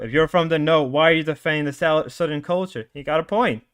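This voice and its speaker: A man's voice: a little high, fast, hardly any pauses, a bit bright, clean tone. A young man from the northern US, a streamer ranting angrily and repeating himself on a live stream. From northern United States. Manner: angry, profane, repeats himself. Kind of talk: heated live-stream rant.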